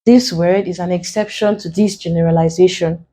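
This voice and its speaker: A woman teaching an exam-prep lesson, spelling out word endings letter by letter in a deliberate way. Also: on the low side, steady tone, warm tone. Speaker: English tutor.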